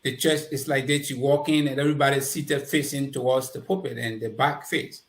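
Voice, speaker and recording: Brisk and medium-pitched, a man with a Liberian accent relates his life story as a guest, animatedly acting out the conversations he recalls. The room sounds roomy and echoey.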